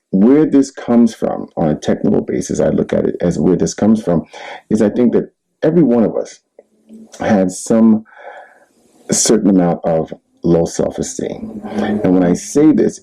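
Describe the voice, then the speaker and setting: A man's voice: low voice, sing-song, unhurried, gravelly, pauses often, mellow, husky, rough recording. A man giving relationship advice in a candid, rambling monologue, laughing at himself now and then. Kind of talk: casual monologue.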